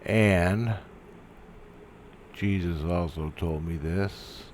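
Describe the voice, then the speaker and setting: Low-voiced man telling a story, swearing. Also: darkish tone, slight background noise. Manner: profane, halting, restarts often. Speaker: vlogger. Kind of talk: casual storytelling monologue.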